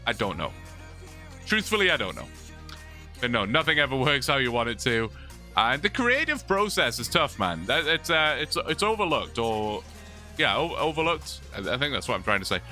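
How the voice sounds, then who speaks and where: A man's voice: medium pitch, very animated, normal speed, pushed and bright, soft background music. A young man chatting casually on a long livestream, rambling, reading chat and laughing often, his mouth sore from talking.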